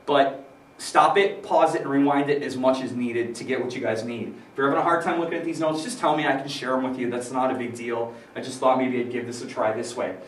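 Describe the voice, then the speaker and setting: A man's voice: mid-range voice, fairly even intonation, a little fast. Joking guy teacher rambling through a history lesson, sounds far from the mic, roomy echo, faint hiss. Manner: chatty, joking, loose with fillers. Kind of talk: casual recorded history lesson. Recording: roomy, distant mic with faint background noise.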